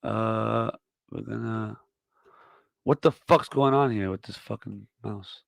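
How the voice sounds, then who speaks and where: A man's voice: lowish voice, slow pace, gravelly, dry recording. Man hosting, ranting with profanity. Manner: profane, mock-scolding tirade that flips between shouting and muttering. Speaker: podcast host. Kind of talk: comedic rant.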